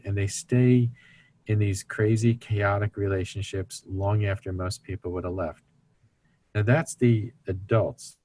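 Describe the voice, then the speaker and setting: A man with a somewhat low-pitched voice speaks as an interview guest. His tone is earnest and instructive, and he slips into brief put-on voices when he quotes other people. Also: darkish tone. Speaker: guest speaker on recovery ministry. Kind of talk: explaining in an interview.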